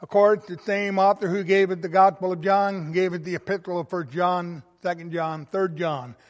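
A man preaching a sermon, reading scripture and stressing words with rising passion, swinging between soft and loud. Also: sits high, steady tone, normal speed. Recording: long reverb of a hall.

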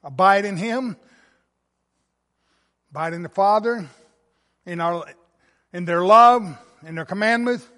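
A man preaching a sermon, reading scripture and stressing words with rising passion, swinging between soft and loud. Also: sits high, slow, pauses often. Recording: long reverb of a hall.

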